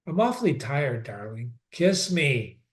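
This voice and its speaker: A weary, guarded young woman nurse speaks in a soft, slightly raised voice, as a man reading aloud puts her on. She sounds tired and gently resigned, sitting at a middling pitch. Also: very animated, unhurried. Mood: wistful.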